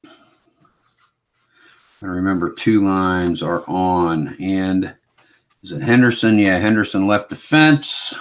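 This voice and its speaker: A man running a solo tabletop hockey game, calling each play like a sportscaster in a relaxed, self-mocking way. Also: low voice, takes it slowly, long pauses. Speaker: board game player and host.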